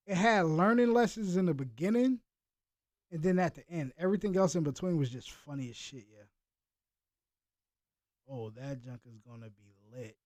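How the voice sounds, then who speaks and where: Man, high lively voice, slangy casual chat, dry close mic. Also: dry recording. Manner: slangy, animated, chatting with live viewers. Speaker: reaction streamer.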